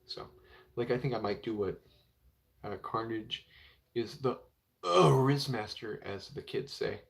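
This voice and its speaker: A man's voice: on the low side, fairly even intonation, unhurried. A young man chatting casually on a live stream about comic books, rambling and filling with 'like' and 'you know'. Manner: rambling, heavy with filler words.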